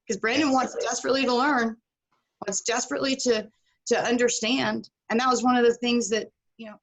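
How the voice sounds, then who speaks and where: Animated storytelling woman, high-ish voice. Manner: animated, acts out quoted voices. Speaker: guest on a podcast. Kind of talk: casual storytelling.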